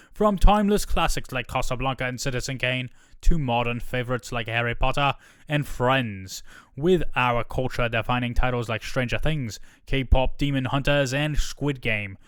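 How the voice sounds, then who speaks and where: A man's voice: mid-range voice, a bit bright, smooth, dry recording, lightly acted. A man doing a drawling impression of a self-assured male studio executive while reading his statements on a podcast. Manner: mock drawling impression of a corporate boss.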